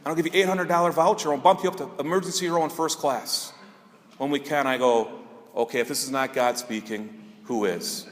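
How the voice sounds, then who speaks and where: A man's voice: medium pitch, steady tone, fairly quick, long reverb tail, slight background noise. A man, a priest, giving a sermon and telling a personal story in an earnest, conversational way.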